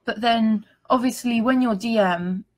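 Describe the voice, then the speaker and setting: A woman chatting casually on a livestream, speaking with a slightly high voice. She talks candidly and hesitantly, often restarting her sentences. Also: unhurried, poor audio. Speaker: livestream co-host. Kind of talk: casual chat.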